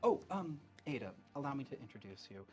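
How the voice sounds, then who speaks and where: A man voicing a calm, composed female newspaper editor who talks in a measured, gentle way in a tabletop game. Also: mid-range voice, soft background music, voice pushed up.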